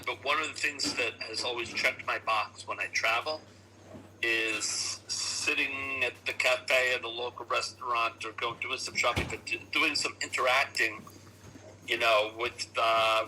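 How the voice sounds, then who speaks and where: A man as a guest on a casual live chat, talking in a thoughtful, measured way. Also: mid-range voice, fairly even intonation, sharp tone, a little hiss or hum, rough recording.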